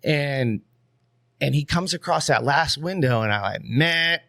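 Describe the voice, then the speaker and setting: A man who is a podcast guest, telling a story in a casual, animated way. He swears freely and keeps saying "you know what I mean.". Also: fairly high pitch, a little slow, gravelly, dry recording.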